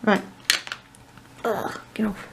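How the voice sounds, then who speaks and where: A woman's voice: extremely slow, in a whisper, poor audio. A woman chatting her way through a card-making tutorial, rambling with self-deprecating asides and muttering to herself. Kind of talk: crafting tutorial chat.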